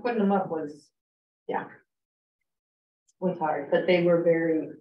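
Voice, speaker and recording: A chatty woman recounting an event at a group meeting, her voice sitting a little low. She sounds far from the mic in a roomy, echoing space, and the sound is slightly dull. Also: a little slow. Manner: chatty, laughs while telling a story. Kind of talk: casual group discussion.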